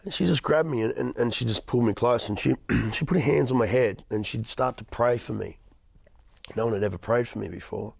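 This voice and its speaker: Earnest Australian male guest in his thirties, gravelly voice, dry recording. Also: mid-range voice, brisk, a little mellow, dry recording. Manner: earnest, frequent restarts and stammers. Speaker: interview guest. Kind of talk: personal testimony in conversation.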